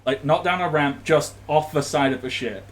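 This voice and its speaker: A man's voice: a little high, normal speed, fairly bright tone. A man narrating as game master of a tabletop game, rambling with many fillers and restarts.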